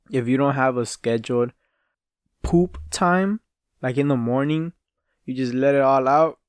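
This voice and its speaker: A male podcast host tells stories in a loose, rambling way, swearing freely. His voice is smooth and clear, and the recording is dry and close. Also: mid-range voice, dry recording. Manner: rambling, profane, laughing at his own stories. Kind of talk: casual solo storytelling.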